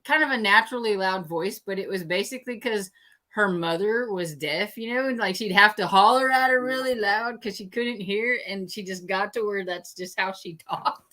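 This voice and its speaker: A woman in a casual online chat who shares her own stories in a relaxed way. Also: mid-range voice, normal speed.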